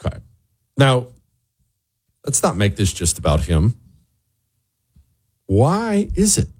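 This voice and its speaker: A man's voice: huge pitch swings, takes it slowly, darkish tone, slightly rough. A man hosting a talk show, delivering sarcastic, opinionated political commentary in a ranting manner. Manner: sarcastic, ranting, swings pitch widely for emphasis. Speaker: show host.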